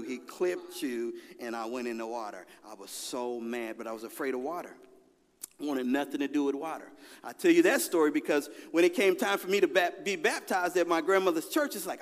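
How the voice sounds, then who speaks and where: A man preaches in a lively, conversational way, drawing the congregation into call-and-response. His voice sits a little high for a man. It rings out with a long reverb through a large church hall. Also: normal speed. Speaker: pastor. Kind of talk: sermon with personal story.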